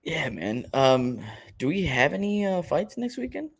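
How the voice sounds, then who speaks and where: Lively, animated male podcast co-host. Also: fairly high pitch, a little slow, vocal fry. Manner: animated, laughs often, acts out quotes. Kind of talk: casual chat.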